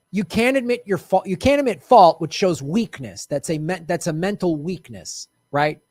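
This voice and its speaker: A man's voice: high voice, animated, a little slow, a little mellow, dry recording, clean studio sound. A man ranting about politics with a raised, frustrated voice and a sarcastic edge. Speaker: political commentator. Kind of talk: ranting monologue.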